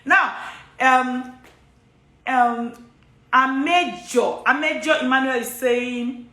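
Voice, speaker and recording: A high-voiced woman with a Nigerian accent answers study abroad questions in a live Q&A. She is chatty and laughs often, repeating her points. The recording has a roomy echo. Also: slow, sharp tone. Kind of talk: live social media Q&A.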